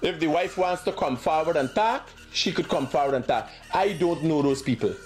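A man's voice: on the high side, animated, moderate pace, soft background music. A Guyanese man speaking emphatically and defensively, insisting on his side of a dispute. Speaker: critic giving his side. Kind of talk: clip of a heated self-defense statement.

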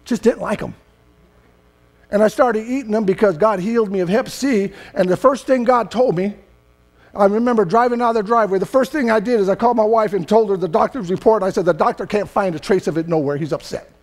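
Older california preacher guy, really high voice, chatty sermon that gets loud and shouty. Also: brisk. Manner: loose, conversational preaching that swells into emphatic shouting. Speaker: pastor.

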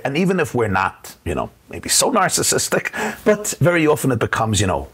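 A man's voice: mid-range voice, husky. A middle-aged man with a New York accent, a rabbi telling stories in a TV interview, acting out the voices of the people he quotes. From United States. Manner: animated storyteller, acts out quoted voices, quick bursts then slow. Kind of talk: storytelling in a TV interview.

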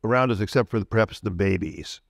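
Man lecturing on a panel, low voice. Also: fast talker, gravelly, no echo, clean studio sound. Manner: explanatory, lecturing with spoken examples. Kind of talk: panel talk to a live audience. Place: event hall at a live panel.

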